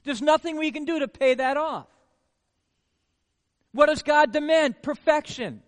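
A man preaches with a strikingly high voice, driving his points home through repeated words and rhetorical questions. His voice rings out into a hall with a long reverb tail. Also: a little slow. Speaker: pastor. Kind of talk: sermon.

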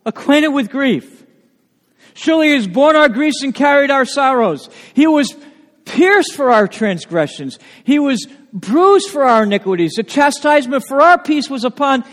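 A man delivers a sermon in a high, ringing voice that carries a long reverb through a large hall. He swings from loud, urgent emphasis down to hushed, intimate lines, pressing each point home. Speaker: pastor.

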